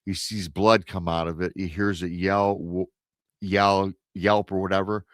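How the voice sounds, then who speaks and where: A man on a paranormal radio show retelling an encounter story in a casual, animated way, acting out the quoted voices and often restarting his sentences. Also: sits low, unhurried, no room sound, studio quality.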